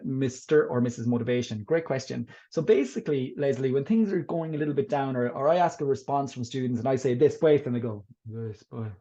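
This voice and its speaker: In a webinar talk with Q&A, a man leads a teaching workshop, cheerfully encouraging teachers and walking them through tips as he fields their questions. He has a mid-range voice with a dark tone, heard through dull audio.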